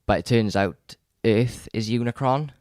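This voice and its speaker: A man co-hosts a podcast, chatting casually and enthusiastically about films, rambling and often stammering or restarting his sentences. His mid-range voice has a darkish tone and a measured pace, captured with clean studio quality and no room sound.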